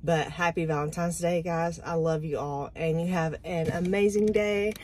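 A woman's voice: lowish voice, steady tone, moderate pace, darkish tone, a little hiss or hum, poor audio. Rambling woman, heartfelt chat. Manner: rambling, heartfelt, lots of ums. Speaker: vlogger. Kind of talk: casual personal vlog.

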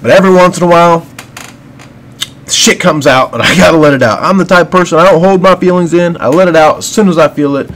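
A man's voice: fairly high pitch, quick pace, a bit bright. A man giving a frustrated, profane rant about a video game, rambling at times and apologetic and friendly toward his viewers. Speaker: gaming video creator. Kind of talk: unscripted ranting commentary.

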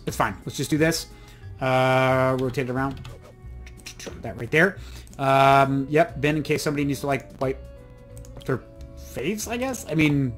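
With a mid-range voice and a sharp tone, a young adult man plays a game and offers casual, rambling commentary. He's chatty and pokes fun at himself as he goes, as a let's play host.

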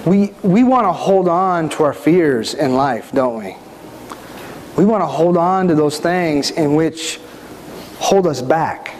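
In a reverberant church hall with faint background noise, a middle-aged male pastor preaches conversationally, often asking his congregation questions. His voice is on the high side yet darkish in tone, expressive and slow.

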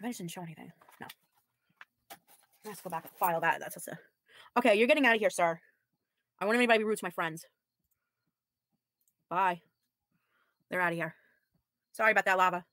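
A woman's voice: fairly low pitch, a little fast, long pauses, a bit bright. Tired, frank woman in her thirties. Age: 30s. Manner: frank, blunt, sighing, with mild swearing. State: tired, weary. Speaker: livestreamer. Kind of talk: casual livestream chat reading viewer comments.

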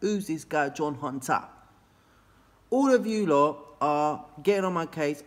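Male teacher, animated and playful, pitch swings wide, chats straight at his students. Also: unhurried. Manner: excitable and jokey, big swoops in pitch, talks straight to students. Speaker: history teacher. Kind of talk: energetic revision video lesson. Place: classroom, filmed after school. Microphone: camera facing out toward board.

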